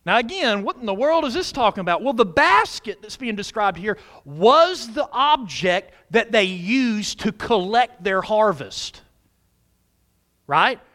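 High, animated middle-aged male preacher. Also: a little slow. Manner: dramatic swings from loud exclamation to quiet asides; asks the congregation questions and answers them. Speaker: pastor. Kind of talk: sermon.

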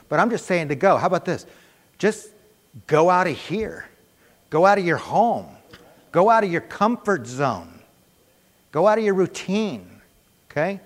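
Male preacher, middle-aged, animated storytelling, slightly high voice, long hall reverb. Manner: animated, conversational, acts out voices in his story. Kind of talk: sermon with personal story.

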